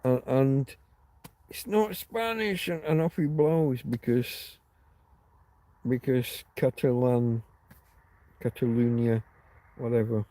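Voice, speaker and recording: A man's voice: medium pitch, flat delivery, takes it slowly, long pauses, mellow, dry recording. A man hosting a casual livestream, rambling through stories and answering viewer comments. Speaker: livestream host.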